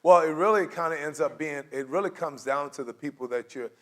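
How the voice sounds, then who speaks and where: A man's voice: on the high side, fairly quick. A man leading a church conflict class, teaching conversationally and acting out quoted voices with frequent laughs. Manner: animated, acts out quoted voices, laughs often.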